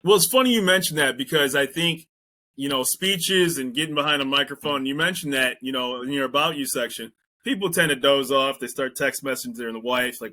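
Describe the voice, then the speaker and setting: Host: man with a bright, forceful voice at middle pitch, eager and affirming. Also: fairly quick. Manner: eager, keeps affirming with "right" and "yeah". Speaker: podcast host. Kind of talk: casual interview talk.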